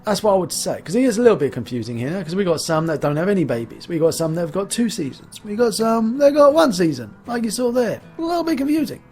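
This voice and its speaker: Playful, chatty man, slightly high voice. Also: sing-song, fast, hardly any pauses, a little mellow, soft background music. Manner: chatty and playful, jokingly greets the models as little fellas. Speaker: game developer and asset reviewer. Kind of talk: casual software review over screen capture.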